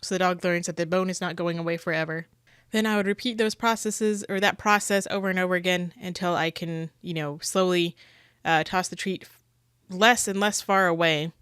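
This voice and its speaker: A woman's voice: lowish voice, fairly even intonation, moderate pace, fairly bright tone, clean tone, no echo, clean studio sound. A woman giving casual, earnest commentary on dog-training clips, speaking critically and often restarting her sentences.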